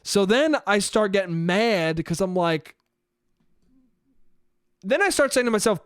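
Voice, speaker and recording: Alone on his podcast, this young man tells a lengthy story in a relaxed, lively style, cursing freely and voicing his inner thoughts as he goes. He speaks at a measured pace with frequent pauses, his clear, resonant voice pitched a bit high for a man. The audio is close-miked and dry, without any room around it.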